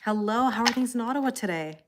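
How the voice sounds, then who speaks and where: A woman's voice: on the high side, animated, quick pace, background noise. A Canadian woman chats casually on a live tarot stream, sounding tired. She greets viewers one by one, rambles loosely with plenty of ums, and laughs lightly as she goes. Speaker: tarot reader hosting a livestream. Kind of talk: casual livestream chat.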